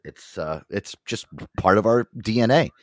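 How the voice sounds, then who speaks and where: A man's voice: fairly low pitch, moderate pace, no room sound, studio quality. A male podcast host from an Italian-American family, chatting casually and swearing often. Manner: crude, animated, swears often. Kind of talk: casual chat.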